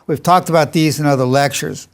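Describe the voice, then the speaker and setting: Older male psychologist, confident lecturer, gravelly tone, emphatic delivery. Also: fairly high pitch, fairly quick. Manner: emphatic, self-assured, anecdotal. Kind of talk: motivational lecture.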